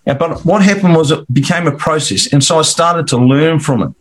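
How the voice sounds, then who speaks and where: A middle-aged Australian man, a commercial finance broker, speaks briskly in a voice on the high side as a guest in a casual storytelling interview. He rambles through his career story, repeating words while acting out conversations.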